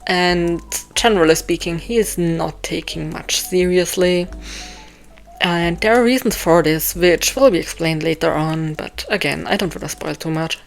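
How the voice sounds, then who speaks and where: A young woman writing her novel live thinks aloud in a lowish, gravelly voice at normal speed, with soft music in the background. She rambles and puts herself down, full of ums and restarts, and her voice is getting tired.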